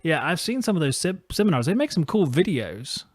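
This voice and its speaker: A man's voice: fairly high pitch, very animated, brisk, slightly rough, no echo. A man hosting a live podcast, chatting casually in a rambling, joking, self-deprecating way. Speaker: podcast host. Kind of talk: casual livestream chat.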